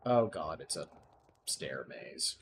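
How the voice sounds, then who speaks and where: A man's voice: a bass voice, sing-song, slow pace, a little hiss or hum. A man hosting a let's play, reading game text aloud and adding wry, dry joking asides.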